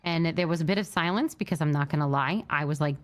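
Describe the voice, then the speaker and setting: A woman playing a state trooper in a roleplay, telling what happened in an upset but measured way, with many fillers and restarts. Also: low-pitched. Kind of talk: in-character roleplay briefing.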